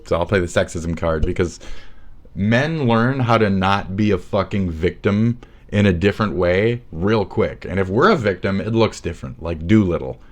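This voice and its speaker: A man's voice: deep voice, moderate pace. A man streaming live and ranting, sarcastic and mocking, with heavy swearing.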